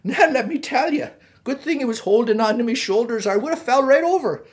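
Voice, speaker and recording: A man's voice: very high-pitched, animated, a little fast, pitched above the performer's own voice. A man voicing a cheerful male Irish farmhand who spins folksy, rambling comic yarns in an Irish accent. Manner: folksy, rambling yarn-spinner. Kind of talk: comic storytelling monologue.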